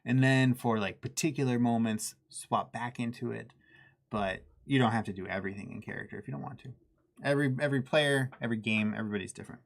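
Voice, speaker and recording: Male streamer, casual tutorial delivery, self-deprecating, gravelly edge. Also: mid-range voice, fast talker. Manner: chatty, self-deprecating, laughs easily. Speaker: miniature painting streamer. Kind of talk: casual live painting tutorial.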